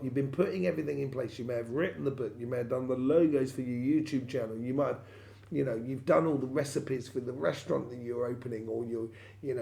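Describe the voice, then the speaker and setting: A man's voice: mid-range voice, gravelly, dark tone. A man giving a weekly tarot reading straight to his viewers, rambling with many fillers and restarts. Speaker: tarot reader.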